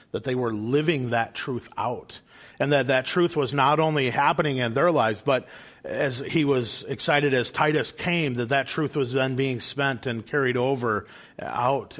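A man's voice: mid-range voice, fairly bright tone. A man, father of a young child, teaching a church Bible study class in an earnest manner and posing questions to the group. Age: adult father of a young child.

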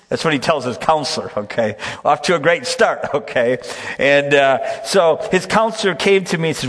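A man's voice: fairly high pitch, animated, moderate pace, a bit bright. A middle-aged man, a pastor and camp director, tells stories in a folksy sermon and often checks in with the listeners by asking "okay?". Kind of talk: storytelling sermon. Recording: long hall reverb.

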